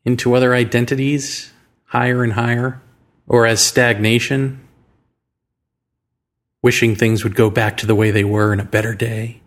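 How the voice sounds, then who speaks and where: A man hosting a show, talking through ideas in a musing monologue full of rhetorical questions and slow, deliberate phrasing. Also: medium pitch, fairly even intonation. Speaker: podcast host. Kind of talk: reflective monologue.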